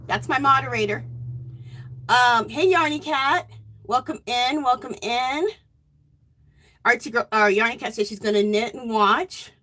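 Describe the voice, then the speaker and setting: A woman hosting a casual crafting live stream, warmly greeting viewers by name and reading their chat messages aloud. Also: fairly high pitch, unhurried, pauses often. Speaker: livestream host.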